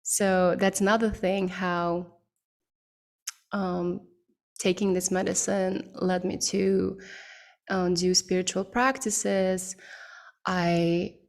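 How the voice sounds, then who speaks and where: A woman speaking slowly and thoughtfully as a podcast guest, with frequent ums and pauses. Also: fairly low pitch, little pitch movement, creaky. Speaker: podcast guest, mindset coach. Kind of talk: relaxed podcast conversation.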